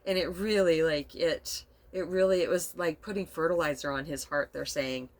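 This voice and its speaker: Sitting in a camper, a middle-aged woman with a fairly low voice vlogs to her camera. She softly rambles through a personal story, unscripted and casual, emotional and quick to laugh.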